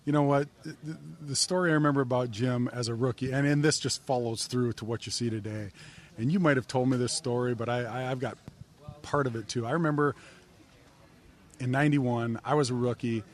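A man's voice: mid-range voice, fairly even intonation, fairly quick. A man in his fifties, a former football player, telling stories in an interview with frequent restarts. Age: 50s. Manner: plain-spoken, stumbling restarts, warm reminiscing. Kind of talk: interview storytelling.

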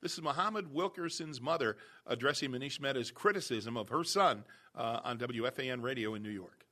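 A man hosting a sports talk show, chatty and quick to laugh as he sets up clips. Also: mid-range voice, animated, pushed and bright.

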